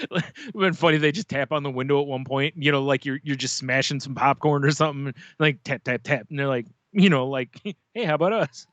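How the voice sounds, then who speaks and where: A man's voice: medium pitch, moderate pace, hardly any pauses, fairly bright tone, no room sound, highs cut off. A man co-hosting a podcast, chatting casually with loose profane banter. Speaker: podcast co-host. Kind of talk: casual chat.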